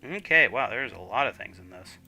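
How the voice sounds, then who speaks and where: A man's voice: medium pitch, animated, fairly quick, creaky, pushed and bright, faint music behind. A man streaming a video game, chatting casually and reading on-screen text aloud with frequent fillers. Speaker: gaming streamer.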